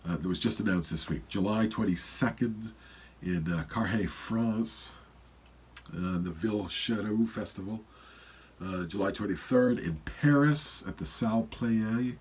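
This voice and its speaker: Low husky man with a stuffy nose. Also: darkish tone. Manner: rambling, many fillers. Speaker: podcast host. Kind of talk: casual solo intro.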